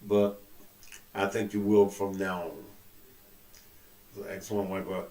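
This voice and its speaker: A man with a cold, hosting his own show with loud, profane commentary that swings between low mutters and outbursts. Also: level tone, slow, long pauses. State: suffering with a cold. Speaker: show host. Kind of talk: casual talk-show commentary. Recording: echoey room.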